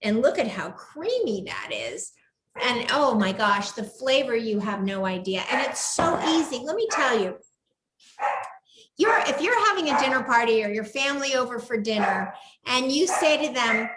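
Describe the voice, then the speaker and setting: A woman's voice: a little high, very animated, moderate pace, very noisy. A woman hosting a live cooking show from her home kitchen, chatting with enthusiasm and gushing over the food. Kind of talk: live cooking demo chat. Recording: echoey room.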